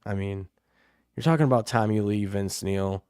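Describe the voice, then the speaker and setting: A man's voice: fairly low pitch, moderate pace, dark tone, smooth, dry recording, clean studio sound. A middle-aged man, co-hosting a casual chat and telling rowdy, profane stories full of acted-out quotes. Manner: rowdy storyteller, swears freely, acts out quotes. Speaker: podcast co-host.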